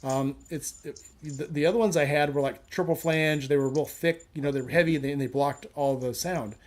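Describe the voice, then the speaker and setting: A man's voice: fairly high pitch, steady tone, a little fast. A man on a live chat show, talking casually and bluntly, with firm opinions and a habit of telling jokes.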